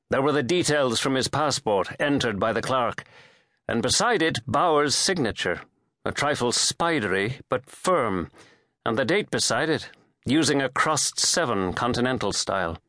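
A man narrating a thriller audiobook in the first person, measured and even-paced. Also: medium pitch, no room sound, clean studio sound. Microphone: studio microphone.

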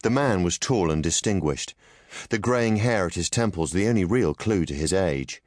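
Deep-voiced man reading an audiobook in a dry booth, smooth and even. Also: moderate pace, dry recording. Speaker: audiobook narrator. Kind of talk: scripted narration.

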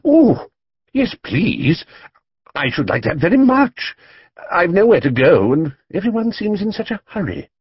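A man's voice: fairly low pitch, big pitch swings, moderate pace, slightly rough, no room sound, full character voice. A man voicing a small, earnest, well-mannered young male bear in an audiobook, sounding proud and polite. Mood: delighted. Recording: dull, dry studio audiobook read.

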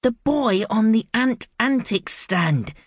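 Male narrator doing a high, fussy schoolgirl, indignant, lively pitch swings, dry close read. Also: measured pace, no echo, heavily acted. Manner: hissing, indignant, through gritted teeth. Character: prim fussy know-it-all schoolgirl, easily outraged. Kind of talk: audiobook character voice.

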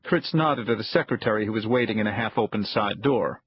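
A man narrates an audiobook in an even, measured manner. His voice is husky and a bit breathy. The studio recording is very dry and slightly dull. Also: fairly low pitch, no room sound.

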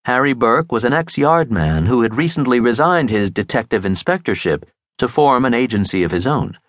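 A man narrating a mystery audiobook in a crisp, expressive storytelling manner. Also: mid-range voice, moderate pace, no room sound, clean studio sound. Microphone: close studio mic.

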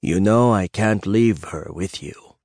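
Male narrator as old dragon elder, stern and disapproving, low and slow. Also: darkish tone, no echo, clean studio sound. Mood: dry.

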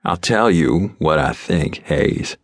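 A man's voice: low-pitched, expressive, unhurried, a bit bright, dry recording, clean studio sound, heavily acted. A man narrating an audiobook, playing a guarded, hot-tempered rancher who answers curtly and with a snarl. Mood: angry. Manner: curt, snarling. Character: tough rancher, guarded and quick to anger.

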